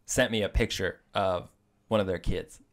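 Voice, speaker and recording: Casting: male podcast co-host, slightly low voice, animated and joking, casual banter. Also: moderate pace. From Mexican family. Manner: animated, joking, talks with mouth full. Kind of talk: casual chat.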